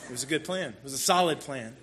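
A man telling a personal story in a sermon, animated and self-deprecating as he talks to the congregation. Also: medium pitch, fast talker, background noise. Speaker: church speaker.

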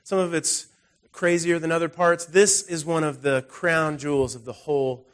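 A man preaching a sermon in a relaxed, conversational way, telling personal stories with frequent restarts. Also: a little high, moderate pace. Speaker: pastor.

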